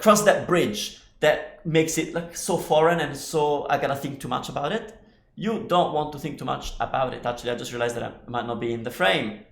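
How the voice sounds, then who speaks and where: Man, live-lesson teacher, loose and chatty, answers comments, room echo. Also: fairly high pitch. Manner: chatty, explains step by step, answers viewer comments. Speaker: Italian teacher. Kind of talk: live online language lesson. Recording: echoey room.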